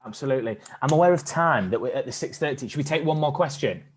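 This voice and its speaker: Guy co-running an online acting workshop, thoughtful, bit hesitant, mid pitched. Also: lively intonation, fast, slight background noise. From England. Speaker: workshop leader. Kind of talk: live-streamed acting workshop.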